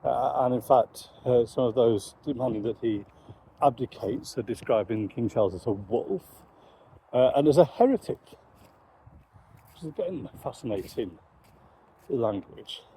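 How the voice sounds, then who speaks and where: A man, a Christian commentator, giving measured, reflective commentary on current events. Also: medium pitch, animated, mellow, a little hiss or hum, low-quality recording.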